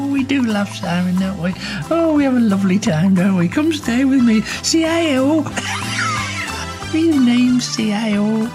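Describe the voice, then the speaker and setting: A man's voice: very high-pitched, lively intonation, slow pace, music in the background, pitched above the performer's own voice, exaggerated voice. A man voicing an elderly woman caller who lives alone, chatting and giggling in a comic phone-in sketch. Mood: giggly. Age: older.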